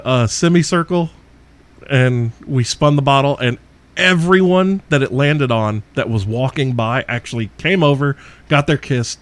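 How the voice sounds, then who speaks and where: A middle-aged man hosting a podcast, telling a wild story in a casual, profane way and laughing often as he goes. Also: medium pitch. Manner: profane, laughs through his own story. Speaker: podcast host.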